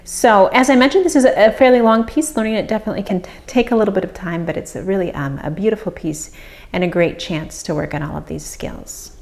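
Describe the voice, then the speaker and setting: A woman harp teacher calmly explaining practice techniques, with soft fillers between phrases. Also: mid-range voice, fast talker, gravelly. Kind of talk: instructional explanation. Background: harp playing.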